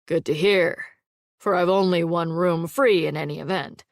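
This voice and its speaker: A woman voicing a brisk, practical male innkeeper in an audiobook. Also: fairly low pitch, steady tone, dry recording, studio quality, close to an everyday voice. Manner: brisk, matter-of-fact. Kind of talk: audiobook character reading.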